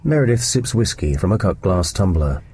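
Deep-voiced man reading stage directions. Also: sing-song, moderate pace, darkish tone, a little hiss or hum.

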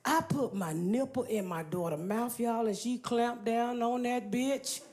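A woman's voice: a little high, a little slow, darkish tone. A woman stand-up comedian telling a story on stage in a brash, profane way, talking straight to the crowd. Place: comedy stage before an audience.

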